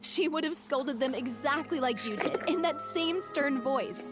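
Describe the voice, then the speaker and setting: A woman voicing a gentle, soft-spoken young troupe member in a game cutscene, speaking fondly. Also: sits high, unhurried. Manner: warm, fond reminiscing. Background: music.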